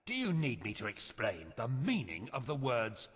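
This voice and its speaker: Old male game mage, grumpy, condescending, husky, lively delivery, reverb tail. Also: medium pitch, normal speed, exaggerated voice. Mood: irritated. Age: older. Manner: condescending, scolding.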